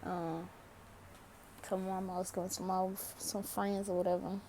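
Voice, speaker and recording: A woman's voice: medium pitch, level tone, a little slow, background noise. A young woman vlogging to camera, telling a story casually, laughing often and swearing freely.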